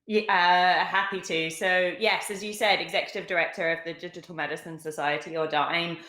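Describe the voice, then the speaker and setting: British woman, middle-aged, low-pitched, echoey room, articulate, fills pauses with um. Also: steady tone, pushed and bright. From London, England. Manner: articulate, many fillers. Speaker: guest. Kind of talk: casual interview talk.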